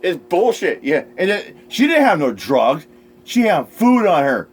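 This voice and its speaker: Animated, profane man hosting a reaction video. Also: a little high, unhurried. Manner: profane, emphatic ranting. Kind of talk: casual reaction commentary.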